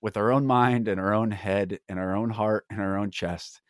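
A man's voice: fairly low pitch, fairly even intonation, normal speed, dry recording, studio quality. A man hosting a podcast, talking in an earnest, encouraging way and repeating affirmations. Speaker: podcast host. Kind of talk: heartfelt motivational conversation.

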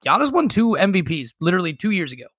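Male podcast co-host, high voice, dry close sound, loose profane banter. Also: quick pace, breathy edge, no echo. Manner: animated, profane, joking. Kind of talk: casual sports chat.

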